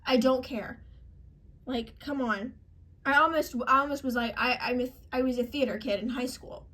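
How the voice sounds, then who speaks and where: A woman's voice: high voice, brisk, sharp tone. A young woman vlogger telling an exasperated, emphatic story to camera, acting out the people she quotes. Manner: exasperated, emphatic, quoting others in acted voices. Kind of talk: casual storytime rant.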